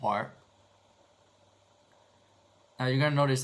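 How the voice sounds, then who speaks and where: A young man chatting casually to his viewers while editing video, excitable and swearing as he works. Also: medium pitch, a little slow. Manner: excitable, swears, talks to chat. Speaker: video editor streamer.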